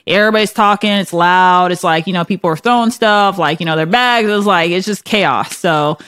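A woman's voice: lowish voice, a bit bright, clean tone, no echo, studio quality. Chatty woman hosting a casual podcast chat. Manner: chatty, self-deprecating, fast-talking with many restarts. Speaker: podcast host.

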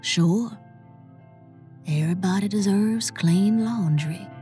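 A woman voicing a tired, unbowed frontier woman in a western tale, speaking low with dry wit. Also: slow pace, mellow, soft background music, natural voice. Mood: dry, weary. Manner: low, weary, dry-witted.

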